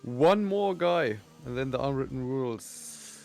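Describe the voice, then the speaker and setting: A man's voice: mid-range voice, lively intonation, unhurried, gravelly, darkish tone, faint music behind. A man chatting on a race stream, teasing the others with short quips. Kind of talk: casual chat on a race stream.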